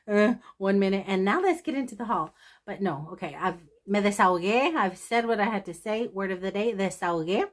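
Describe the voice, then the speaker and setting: In a casual confessional to camera, a woman thrift haul vlogger addresses her viewers directly, sounding candid, emotional and self-deprecating. Her voice is medium-pitched and a little mellow.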